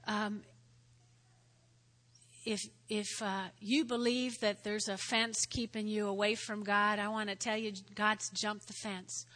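A woman pastor giving a sermon and altar call, earnest, often repeating her words and turning soft and prayerful. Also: fairly high pitch.

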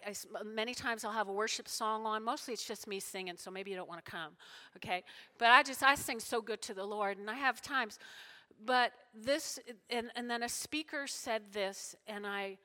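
A middle-aged woman pastor preaching to her congregation, folksy, emotional and dropping into soft whispered prayers. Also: fairly high pitch. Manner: folksy, talks to congregation as y'all. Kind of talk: sermon.

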